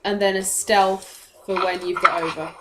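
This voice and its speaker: A woman's voice: medium pitch, level tone, moderate pace, background noise. Woman, game master, matter-of-fact narration, faint clicks behind.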